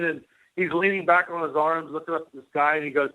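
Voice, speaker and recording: A man's voice: a little high, fast. A middle-aged man, a former White House officer, telling rambling anecdotes as an interview guest and acting out both sides of the dialogue. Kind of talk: casual storytelling interview. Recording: tinny phone line.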